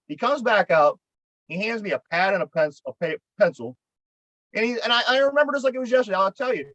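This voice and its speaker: A man's voice: high-pitched, animated, fairly quick, fairly bright tone, no room sound, highs cut off. A man with a Pittsburgh accent, co-hosting a podcast and telling a long story in a rambling, profane way, often repeating his words. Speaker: podcast co-host. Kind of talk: casual storytelling chat.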